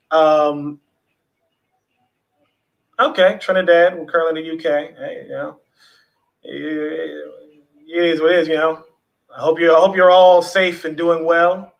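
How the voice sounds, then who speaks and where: A man's voice: a little high, vocal fry, dull audio. A man hosting a casual livestream, chatting loosely with viewers and swearing now and then. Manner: relaxed, chatty, swears casually, talks to the chat. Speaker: livestream host.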